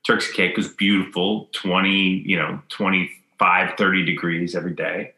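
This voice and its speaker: A man telling a story in casual chat, acting out quotes in a high voice. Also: flat delivery, moderate pace, bright, forceful tone, echoey room, rough recording.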